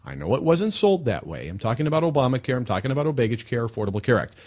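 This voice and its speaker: A man hosting a live talk radio show, telling stories in an emphatic, animated way into a studio mic. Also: mid-range voice, very fast.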